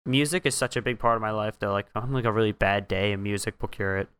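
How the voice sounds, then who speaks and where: A man's voice: fairly low pitch, fast talker, a bit bright, smooth. A teenage boy chatting on a podcast, speaking earnestly and reflectively. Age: teens. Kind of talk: casual chat.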